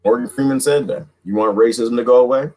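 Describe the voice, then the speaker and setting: A man hosting a livestream who talks in an animated, mocking way, laughs often, and is losing his voice. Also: medium pitch, fast talker, poor audio. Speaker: livestream host reading viewer comments. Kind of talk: casual livestream monologue.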